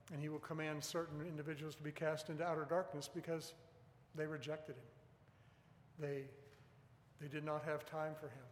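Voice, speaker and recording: A man's voice: on the high side, a little hiss or hum. Man preaching in an echoey hall. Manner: earnest, emphatic, stresses key words. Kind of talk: sermon. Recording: echoey hall with long reverb.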